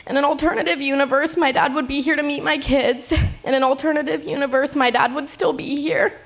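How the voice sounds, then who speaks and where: A young woman of eighteen reads a prepared eulogy in a high voice. Her delivery is tender and heartfelt, but steady, as she speaks to the people at a memorial gathering. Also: fairly quick, gravelly. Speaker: eulogy speaker, eldest daughter.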